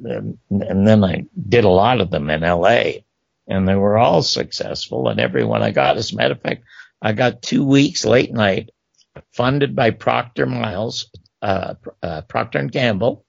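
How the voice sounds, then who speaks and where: An older man, a former talk show host, tells animated stories about his career in an interview and acts out the voices of the people he quotes. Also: on the low side, normal speed, vocal fry, dry recording, lo-fi sound. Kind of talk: storytelling interview.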